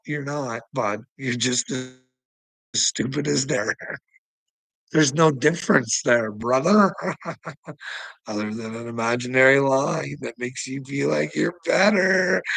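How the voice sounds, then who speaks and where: A man's voice: mid-range voice, unhurried, gravelly, fairly bright tone, no echo, poor audio. A Canadian man with a Canadian accent hosting a livestream, ranting casually at his chat in a crude way, swearing often and laughing between remarks. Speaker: livestream host. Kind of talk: casual rant answering chat.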